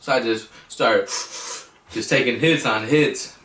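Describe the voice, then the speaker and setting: Young man, mid-pitched voice, hesitant storyteller, echoey room, distant mic. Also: unhurried, a bit bright. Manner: laid-back, hesitant storyteller with ums. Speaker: co-host. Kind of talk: casual storytelling chat. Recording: roomy echo, mic at a distance.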